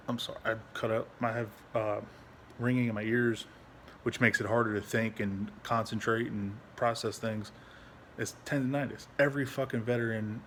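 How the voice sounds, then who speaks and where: A young adult man, a veteran, talking candidly at home into his phone, frustrated and halting, swearing a lot and restarting his sentences. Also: medium pitch, a little hiss or hum. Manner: frustrated, rambling, heavy swearing. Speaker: veteran vlogger. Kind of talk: candid personal vlog.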